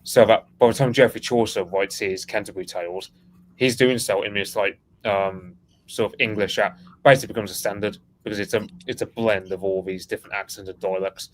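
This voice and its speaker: Livestream co-host, male, low, faint background noise, rambling and filler-heavy. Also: fairly even intonation, fairly quick, low-quality recording. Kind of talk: casual live-stream chat.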